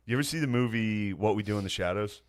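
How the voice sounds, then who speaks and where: A man's voice: on the low side, quick pace. A man co-hosting a podcast, teasing and cracking profane jokes in casual banter. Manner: joking, teasing interjections, profane. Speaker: podcast co-host.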